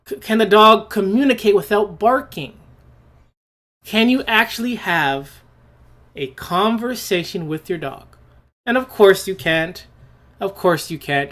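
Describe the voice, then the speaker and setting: With a high, fairly bright voice, a man runs a one-person opinion podcast. His monologue is blunt and disdainful, full of rhetorical questions and phrases he restarts along the way.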